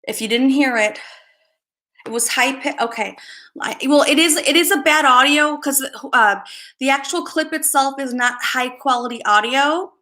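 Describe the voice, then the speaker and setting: Female livestream host, slightly high voice, winded, halting casual chat that keeps checking in with viewers. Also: bright, forceful tone. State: out of breath.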